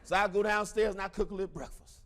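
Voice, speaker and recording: A middle-aged man giving a fiery, preacher-like motivational speech to a crowd, breaking into shouts. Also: high-pitched, fairly even intonation, quick pace. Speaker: motivational speaker.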